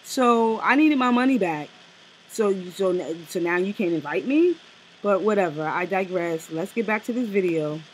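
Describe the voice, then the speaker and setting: A woman co-hosting a casual review chat, blunt and animated, with slang and profanity. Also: mid-range voice, moderate pace, slight background noise, poor audio. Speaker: co-host reviewing a TV special.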